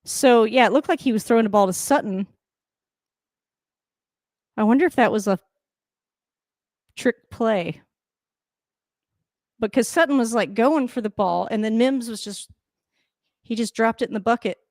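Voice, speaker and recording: A woman hosting a casual live football reaction, excitable and swearing, often laughing and talking straight to the coach. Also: a little high, unhurried, pauses often, dry recording, studio quality. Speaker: sports reaction host. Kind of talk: casual live game commentary.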